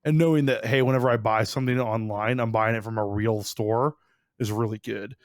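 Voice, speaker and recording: A man's voice: fairly low pitch, fairly even intonation, brisk, no echo, clean studio sound. A young man with an Ohio accent co-hosting a podcast, chatting in a rambling, upbeat way with plenty of fillers. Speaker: podcast co-host. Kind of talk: casual podcast chat.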